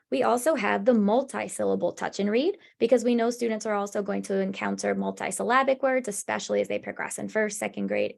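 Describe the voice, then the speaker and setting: A woman's voice: a little high, vocal fry, a little mellow. A woman presenting a webinar on reading instruction, explaining strategies step by step in a conversational, instructive way. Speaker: former classroom teacher and coach.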